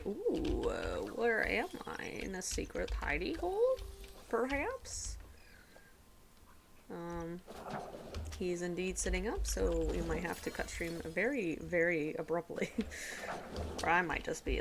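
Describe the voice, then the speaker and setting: A woman streamer talks through her game from home at an easy, unhurried pace. Her voice carries a gravelly fry and swings widely between low mutters and high squeals. She is chatty and giggly, slipping into hushed, whispery asides. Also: background noise. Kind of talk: casual gameplay commentary.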